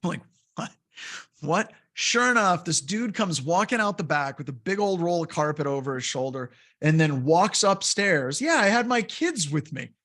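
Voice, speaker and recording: A man's voice: fairly high pitch, very animated, moderate pace, a bit bright. Rambling male cybersecurity instructor. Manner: casual, rambling, with many fillers. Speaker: course instructor. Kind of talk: lecture with anecdotes.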